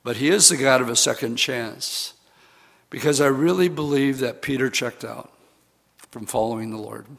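A man's voice: medium pitch, normal speed, gravelly, fairly bright tone. A man preaching a sermon, retelling scripture in a conversational, storytelling way with casual fillers.

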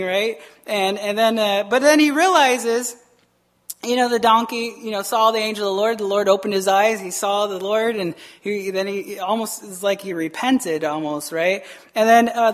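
A male pastor preaching a casual, animated sermon, retelling scripture with frequent "right?" asides and quick laughs. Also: high voice.

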